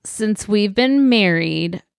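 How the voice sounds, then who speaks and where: A woman's voice: mid-range voice, expressive, vocal fry, smooth, dry recording, clean studio sound. American woman venting to her husband. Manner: teasing, quick to vent mild annoyance. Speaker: podcast co-host. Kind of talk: casual chat.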